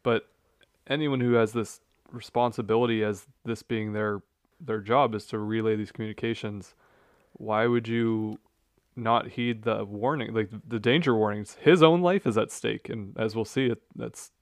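A man's voice: lowish voice, fairly even intonation, normal speed, no room sound, clean studio sound. A man co-hosting a casual history podcast, reacting and raising questions aloud. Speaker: podcast co-host.

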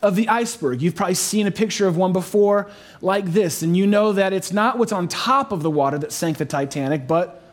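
High-voiced pastor preaching earnestly. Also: male voice. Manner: earnest, emphatic with drawn-out slow phrases. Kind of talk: sermon. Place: church overflow room.

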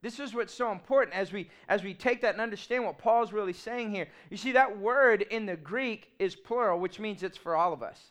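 A man, preaching a sermon in an animated, humorous and emphatic way. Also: high voice, fairly quick, hardly any pauses. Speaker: pastor.

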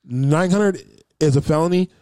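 A man's voice: on the high side, warm tone, no echo. A man telling a long story in casual, profane chat, quoting other people as he goes. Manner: fast, swearing, acts out others' lines.

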